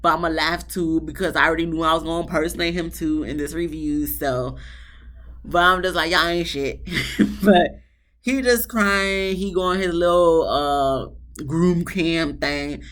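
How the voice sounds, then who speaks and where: A woman's voice: deep voice, measured pace. Blunt, sassy woman reviewing a show. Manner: blunt, animated, sassy with swearing and asides. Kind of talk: casual review monologue.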